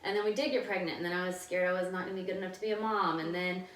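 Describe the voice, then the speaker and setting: A woman's voice: lowish voice, fairly even intonation, fairly bright tone. A woman in her thirties hosting a podcast, talking in a casual, confessional way with many fillers. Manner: fast, filler-heavy, confessional talk. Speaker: podcast host. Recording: roomy sound, mic at a distance.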